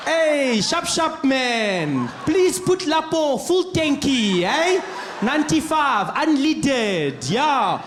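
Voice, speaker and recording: A comedian voicing a white South African man loudly and patronisingly giving orders at a petrol station. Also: very high-pitched, echoey room, slight background noise, pitched above the performer's own voice, exaggerated voice. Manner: loud, patronising, shouted pidgin.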